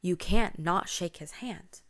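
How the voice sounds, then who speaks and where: A woman's voice: lowish voice, slow pace. A woman voicing eager gossiping schoolgirls. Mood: conspiratorial. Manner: breathless, whispery when spooky.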